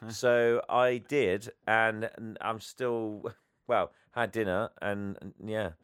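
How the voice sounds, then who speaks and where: Brief: tired male co-host, low smooth voice, casual chat, dry close mic. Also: fairly even intonation, slow, a bit bright, no room sound. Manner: chatty, self-deprecating, laughs often. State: tired, yawning. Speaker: podcast co-host.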